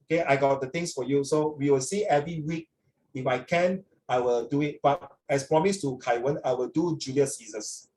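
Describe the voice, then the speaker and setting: A man's voice: mid-range voice, moderate pace, a little mellow, low-quality recording. A man with a Singaporean accent teaching a class in a chatty, casual way, switching between English and Mandarin and checking that students agree with him.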